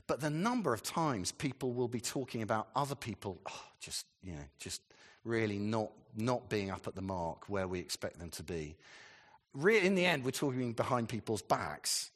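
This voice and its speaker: A man's voice: fairly low pitch, lively intonation, moderate pace. A man preaching a sermon in a conversational, rambling way, full of asides and questions to the congregation. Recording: long reverb of a hall.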